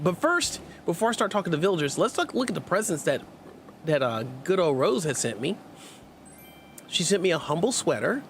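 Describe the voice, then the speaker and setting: A man with a bright voice on the high side hosts a casual let's play stream, reading viewer messages aloud. He keeps things jokey and playful with sarcastic asides, and slight background noise is audible.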